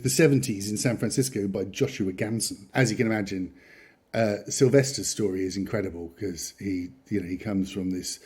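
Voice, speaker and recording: Mellow-voiced chatty man. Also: medium pitch, husky. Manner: chatty, rambling, chuckles often. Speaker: podcast host. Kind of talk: casual chat.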